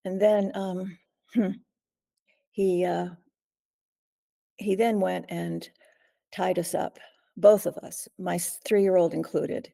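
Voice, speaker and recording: Older lady telling her story in an interview, raspy gravelly low voice, keeps clearing her throat. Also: fairly even intonation, dark tone. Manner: measured, frequent throat clearing. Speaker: guest, author. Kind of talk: interview recounting a personal ordeal.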